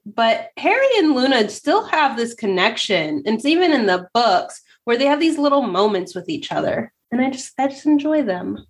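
A woman's voice: on the high side, very animated, moderate pace, few pauses. A woman co-hosting a casual podcast, chatting with short dry, teasing remarks. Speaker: podcast co-host. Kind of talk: casual chat.

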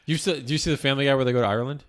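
A man's voice: mid-range voice, racing, smooth. A man hosting a podcast in casual chat, rambling with frequent restarts and casual swearing, recorded in an office. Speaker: podcast host.

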